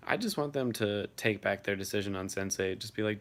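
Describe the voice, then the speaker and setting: A man's voice: on the low side, a little fast, fairly bright tone. A man hosting a casual live stream, reading viewers' messages aloud and answering them offhandedly.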